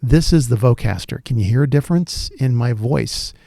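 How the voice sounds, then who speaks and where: A man's voice: mid-range voice, normal speed, vocal fry, mellow, no room sound. A man hosting a casual gear review video, chatting and thinking aloud with plenty of fillers into a studio dynamic microphone in a small home studio. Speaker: tech video host.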